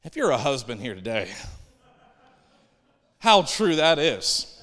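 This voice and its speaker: A man's voice: mid-range voice, sing-song, takes it slowly, pauses often, fairly bright tone. A man preaching a sermon as a pastor in a large church, speaking in a loose, joking, conversational way. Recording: long hall reverb.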